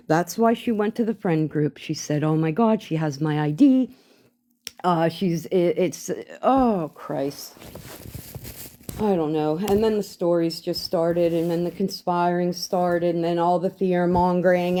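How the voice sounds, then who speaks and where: A woman's voice: on the low side, fairly even intonation, slow pace, dark tone. A woman on a livestream, ranting in a profane and exasperated way about a falling-out. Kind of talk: angry livestream rant.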